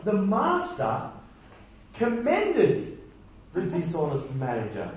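A man's voice: high voice, wildly swooping pitch, takes it slowly, heavy reverb, muffled recording. A man giving a conversational sermon full of rhetorical questions. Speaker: preacher.

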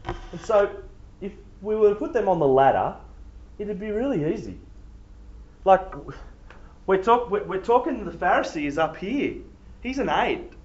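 Emphatic, high-voiced male preacher. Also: expressive, a little slow, long pauses. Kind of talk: sermon. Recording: echoey, dull room recording.

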